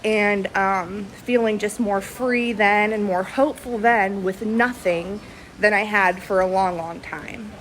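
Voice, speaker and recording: A woman in her thirties, talking earnestly and haltingly with many pauses and fillers, close to tears. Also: medium pitch, fairly even intonation, slight background noise, rough recording. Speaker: vlogger. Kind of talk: casual reflective video to friends.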